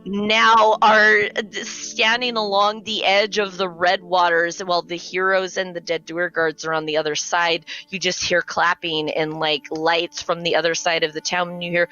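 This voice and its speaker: A woman's voice: lowish voice, level tone, moderate pace, few pauses, sharp tone, faint music behind, poor audio. A woman narrating as game master in a tabletop game, often laughing as she describes the scene.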